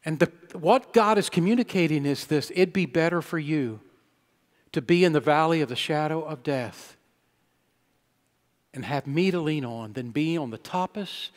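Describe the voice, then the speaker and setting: A male pastor preaching a sermon, telling a personal story and building to loud, emphatic peaks. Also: on the high side, normal speed. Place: church sanctuary. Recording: long church-hall reverb.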